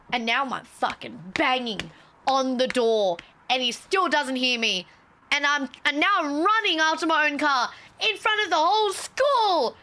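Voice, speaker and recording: A young woman tells a story on her stream in a high, bright voice. She is animated and swears freely, and she slips into the people she quotes. It sounds like casual chat with her viewers.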